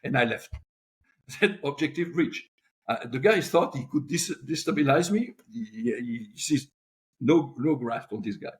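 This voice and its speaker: A man's voice: mid-range voice, moderate pace. Older man telling anecdotes. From Europe. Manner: animated, with many restarts and acted-out quotes. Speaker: guest. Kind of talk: anecdotal storytelling.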